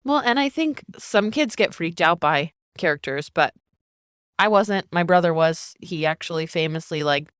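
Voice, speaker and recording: A woman's voice: lowish voice, lively intonation, moderate pace, fairly bright tone, clean tone, dry recording, studio quality. A woman in her thirties co-hosting a casual podcast, giving decisive, enthusiastic opinions. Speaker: podcast co-host. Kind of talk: casual chat.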